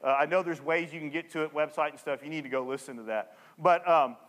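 Animated male pastor in a reverberant hall. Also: a little high, fast talker. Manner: animated storyteller acting out dialogue. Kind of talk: sermon with storytelling.

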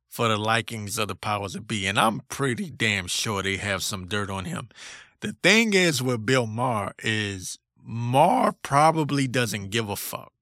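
A man's voice: medium pitch, bright, forceful tone, no room sound, studio quality. A man hosting a solo podcast, ranting in a blunt, profane, combative way. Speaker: podcast host.

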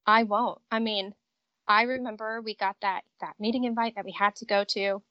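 A woman in her thirties, a company director, telling stories in a chatty, animated way as a guest in a casual interview. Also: medium pitch, moderate pace, no echo, highs cut off. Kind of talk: casual interview over a call. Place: vacation home with traffic outside.

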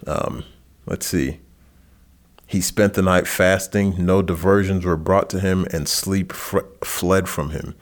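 A man teaching a Bible passage in a relaxed, conversational sermon, who rises in pitch for lively asides. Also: slow pace. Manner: casual and animated, jumps higher in pitch for asides. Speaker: pastor.

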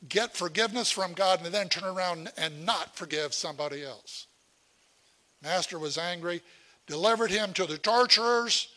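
A middle-aged man preaches with a bright, forward tone and a slightly raised pitch. He takes his time, unhurried and folksy, talking to the congregation as if in conversation. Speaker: pastor. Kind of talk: sermon.

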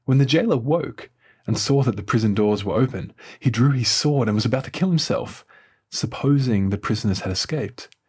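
Somewhat mellow and low with a breathy edge, a man's voice reads scripture aloud during morning prayer that he leads. The delivery is solemn and measured, rising slightly for quoted speech.

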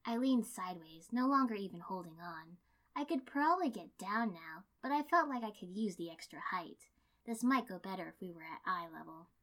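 Narrator: woman, calm first-person story reading, steady pace. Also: medium pitch, normal speed. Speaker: reader.

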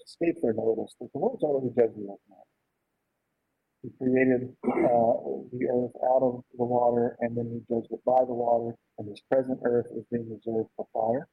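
A man's voice: mid-range voice, dark tone, husky, no room sound. A man preaching a conversational sermon in an informal way, often checking in with "right?". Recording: dull lo-fi sound.

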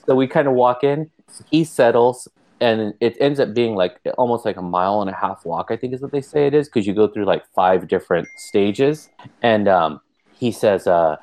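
A man co-hosting a podcast, chatting casually and telling lively stories, voicing the people in them with sudden jumps in pitch. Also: moderate pace. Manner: animated storyteller, mimics people with pitch jumps. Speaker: podcast co-host.

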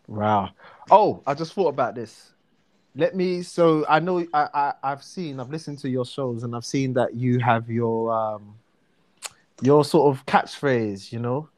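A man's voice: medium pitch, measured pace, a little mellow. A young man with a South London accent chatting as a guest, laughing often and teasing, repeating his phrases. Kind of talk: casual chat.

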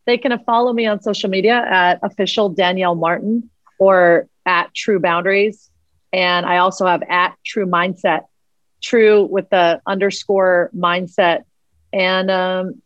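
A woman's voice: medium pitch, fairly even intonation, measured pace, no echo. Playful woman guest on a phone line. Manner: playful, laughing, jokey. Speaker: podcast guest. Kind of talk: casual podcast chat. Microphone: phone call.

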